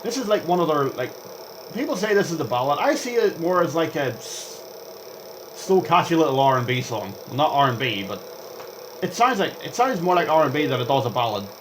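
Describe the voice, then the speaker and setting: A young man rambling through gameplay commentary as a vlogger, chatty and excitable, jumping between topics and reacting aloud to the game. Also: a little high, fairly quick, noisy background. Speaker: gaming vlogger.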